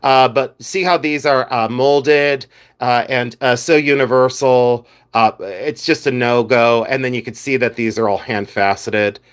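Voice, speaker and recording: A man's voice: mid-range voice, fairly even intonation, a little slow, smooth. Blunt middle-aged man, livestream chat. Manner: blunt and exasperated, with frequent "uh" fillers. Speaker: vintage jewelry reseller hosting a livestream.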